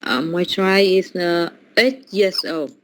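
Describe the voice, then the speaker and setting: An adult woman, an English learner giving halting short answers with fillers. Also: lowish voice.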